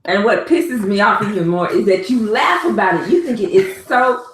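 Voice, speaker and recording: Animated woman in an echoey room. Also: medium pitch, moderate pace, a little hiss or hum. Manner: animated, exasperated scolding with bursts of laughter. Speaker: podcast co-host. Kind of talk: casual chat.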